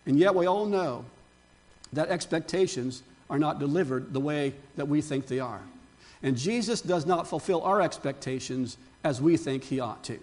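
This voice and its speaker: An older male pastor delivers a Palm Sunday sermon, preaching with animation and tossing chatty asides to his congregation. His voice is on the high side, at a moderate pace.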